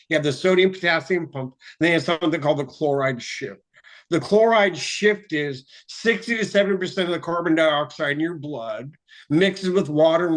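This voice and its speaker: Guest spot: fast-rambling, swearing man with a slightly high voice, breaks into lecture mode. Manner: profane, excitable, rambling; explains chemistry in quick lecture bursts. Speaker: guest, water filter developer. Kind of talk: casual interview talk.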